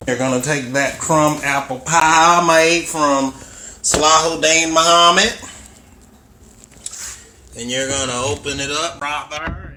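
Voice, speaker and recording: A man, hosting a casual comedic home baking vlog and jumping between low mutters and loud high exclamations. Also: a little hiss or hum. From New York. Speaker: home baker vlogger. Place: home kitchen.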